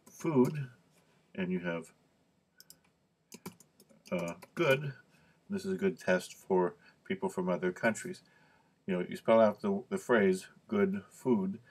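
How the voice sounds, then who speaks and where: A man teaching cued speech, explaining vowel and consonant sounds in a relaxed way, repeating example words and stopping on fillers. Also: low-pitched.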